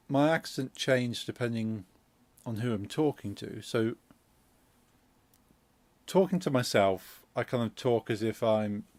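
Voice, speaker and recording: A man with an English Midlands accent hosts a game stream, his voice medium-pitched and slightly mellow with no room sound. Chatting casually while he plays, he rambles through explanations packed with fillers.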